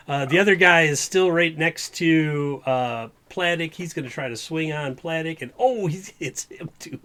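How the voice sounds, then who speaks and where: A man's voice: on the high side, unhurried, bright, forceful tone. A man running a tabletop game as game master, narrating the action in a chatty way with frequent laughs. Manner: chatty, laughing often, lots of filler.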